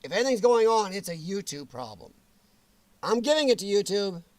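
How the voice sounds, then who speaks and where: A man's voice: high-pitched, sing-song, moderate pace, darkish tone, no echo. A man hosting a casual livestream chat, rambling and blunt, joking as he reads viewer comments. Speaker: livestream host.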